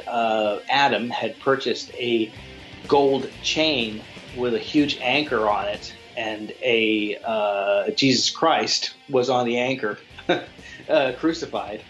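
A man co-hosting a podcast, telling a crude story in a rambling, animated way with lots of restarts. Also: mid-range voice, lo-fi sound. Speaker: podcast co-host. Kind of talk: casual chat, storytelling.

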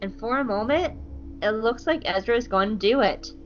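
Woman, podcast co-host, high voice, playful and jokey, slightly dull audio, faint music behind. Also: animated, normal speed. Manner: playful, jokey, acts out quotes in silly voices. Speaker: podcast co-host recapping an episode. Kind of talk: casual recap with comic voiced quotes.

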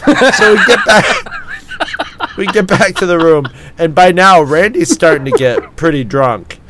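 A man's voice: fairly high pitch, lively intonation, a little slow, background noise. A man casually telling a drunken story on a podcast, swearing often, laughing and acting out what people said.

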